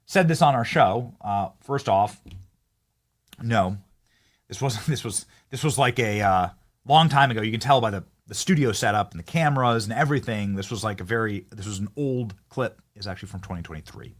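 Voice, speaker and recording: A man hosting a talk show, animated and joking. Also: lowish voice, normal speed.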